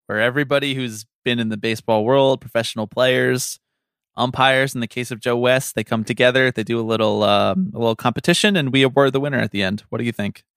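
A man's voice: mid-range voice, fast, fairly bright tone, smooth, no room sound. Casual swearing podcast man, dry sound. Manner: loose, swears freely. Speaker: podcast co-host. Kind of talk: casual sports podcast chat.

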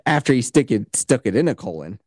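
A man's voice: mid-range voice, very animated, fairly quick, a little mellow, no echo, clean studio sound. A man co-hosting a podcast in casual chat, ranting animatedly and swearing freely. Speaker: podcast co-host.

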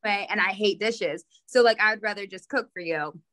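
A young woman co-hosting a podcast, chatting in a relaxed, reflective way with frequent fillers. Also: medium pitch, normal speed. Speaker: podcast co-host. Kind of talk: casual chat.

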